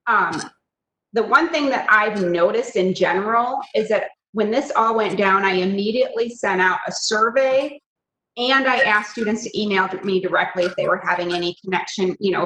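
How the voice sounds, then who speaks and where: A woman teacher speaking on a video call in a quick, earnest way, full of asides. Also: mid-range voice, bright, forceful tone. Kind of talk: casual meeting talk. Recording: echoey room with background noise.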